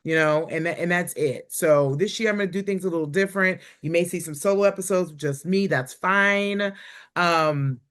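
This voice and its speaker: A woman's voice: lowish voice, moderate pace. A woman hosting a comedy review show, talking in a chatty, playful way. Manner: chatty, playful, self-promoting. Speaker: host. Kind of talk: casual chat.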